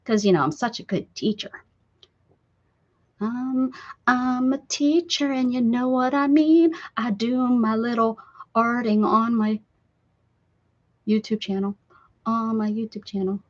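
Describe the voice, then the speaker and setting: A woman's voice: a little high, unhurried, pauses often. A woman hosting a casual art livestream, chatting and teasing herself while she crafts. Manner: chatty, giggly, self-teasing. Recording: dull lo-fi sound.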